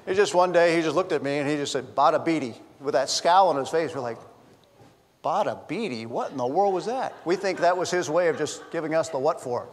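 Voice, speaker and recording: A man's voice: a little high, fast talker, hardly any pauses, in a large hall, a little hiss or hum. A middle-aged man preaching a sermon as a pastor, telling funny family stories and bantering with the congregation. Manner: storytelling with humor, chatty asides to the congregation. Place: church sanctuary.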